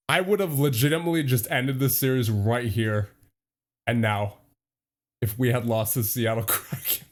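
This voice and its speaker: A young man runs through simulated hockey results in quick play-by-play, reading out scorers and shot totals. He keeps begging his team not to blow it and breaks into nervous laughter. His voice sits at an ordinary middle pitch. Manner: nervous, pleading, laughs often while recapping games. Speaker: gaming YouTuber. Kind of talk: hockey sim franchise play-by-play.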